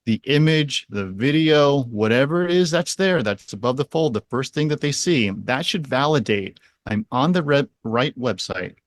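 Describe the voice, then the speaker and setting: A man's voice: mid-range voice, animated, normal speed, few pauses. A man speaking as a podcast guest, explaining his field step by step with everyday examples. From San Diego area. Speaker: SEO strategist guest.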